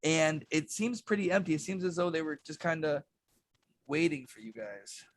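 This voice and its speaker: A man narrating as dungeon master, describing rooms and loot in a laid-back, halting way. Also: fairly high pitch. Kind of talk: narrating a tabletop game over a call.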